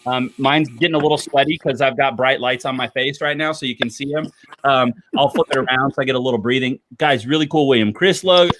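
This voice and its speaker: A man hosting a casual livestream, chatty and enthusiastic, with lots of fillers, talking indoors under bright lights. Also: medium pitch, quick pace, noisy background. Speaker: livestream host.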